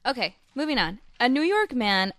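A woman's voice: a little high, big pitch swings, normal speed, a bit bright, dry recording. A woman co-hosting a casual chat show, reading news items aloud with small fillers. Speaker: podcast co-host reading news stories.

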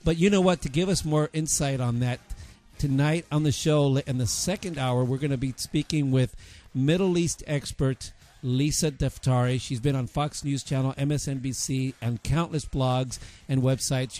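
A man's voice: mid-range voice, steady tone, moderate pace, hardly any pauses, a little mellow. A man hosting a political talk radio show, ranting heatedly with many fillers.

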